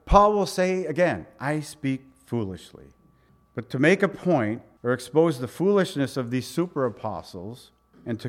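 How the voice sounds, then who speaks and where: A man preaching an expository sermon, a pastor who stresses key words loudly and drops to quiet asides. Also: on the high side. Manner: emphatic, swings from loud stress to quiet asides.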